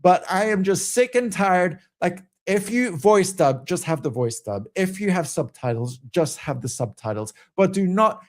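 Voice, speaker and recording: A man's voice: high voice, lively intonation, a little slow, hardly any pauses, a little mellow. A man hosting a casual commentary stream, ranting in a rambling, exasperated way with many fillers. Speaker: stream host.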